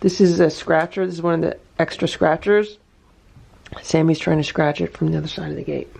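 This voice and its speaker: A woman's voice: low voice, steady tone, brisk, gravelly, a little mellow, a little hiss or hum. A woman vlogging casually at home about her rescue cats, explaining what they do and talking sweetly to them. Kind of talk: casual narration to camera. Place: home indoors.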